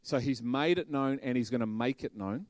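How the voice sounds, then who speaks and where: A male preacher, delivering a lively sermon that swings from quiet stress on words to loud bursts. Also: mid-range voice, normal speed, no echo. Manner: animated, bursts into loud shouting and laughter.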